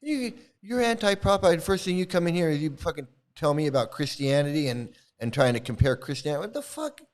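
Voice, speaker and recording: Middle-aged male host, profane and confrontational, fairly high voice with big, lively pitch swings. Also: fast talker. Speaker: YouTube channel host. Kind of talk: profane live-stream rant.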